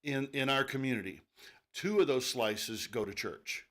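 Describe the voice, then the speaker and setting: A man co-hosting a radio talk show, explaining things in a relaxed way with many fillers. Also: medium pitch, moderate pace. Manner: relaxed, thinking aloud with fillers. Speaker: radio co-host. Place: radio studio.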